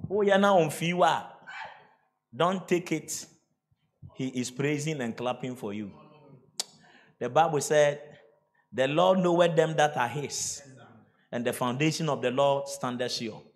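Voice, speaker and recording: A middle-aged man with a Ghanaian accent preaching a sermon, swinging from shouts to quiet storytelling and laughing as he goes. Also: on the high side, a little slow, pauses often. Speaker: pastor.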